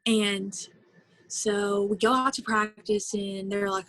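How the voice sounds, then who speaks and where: A young woman in her twenties, a former college softball player, appears as an interview guest, talking casually and emotionally about her college years with lots of filler words. Her medium-pitched voice is slow, fairly even and a bit bright, in a rough recording without echo.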